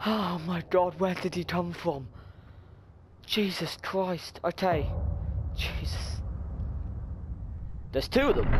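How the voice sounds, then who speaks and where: A young man talks slowly through a horror game, his voice sitting a little high for a man. He mutters nervously to himself and now and then yelps in fright. A steady hiss of noise runs behind him. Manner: jumpy, nervous muttering with sudden shrieks. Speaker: gaming channel host.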